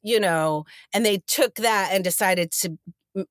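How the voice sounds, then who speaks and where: Middle-aged woman, animated raconteur, close dry mic. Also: medium pitch, measured pace, no room sound. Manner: animated storyteller acting out quoted voices. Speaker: actress guest. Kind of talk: casual interview chat.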